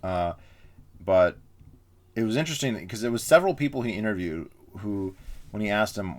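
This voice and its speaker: A man's voice: fairly low pitch, moderate pace. A man giving a casual spoken book review, rambling with frequent fillers and restarts.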